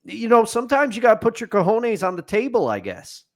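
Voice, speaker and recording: A man's voice: high-pitched, huge pitch swings, fairly quick. A man co-hosting a sports podcast, telling stories and laughing easily. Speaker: podcast co-host. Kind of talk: casual sports talk.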